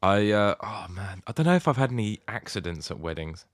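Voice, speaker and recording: A man's voice: on the low side, lively intonation, a little fast, dry recording, studio quality. A young man, a podcast co-host, chatting in a laid-back, joking way. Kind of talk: casual chat.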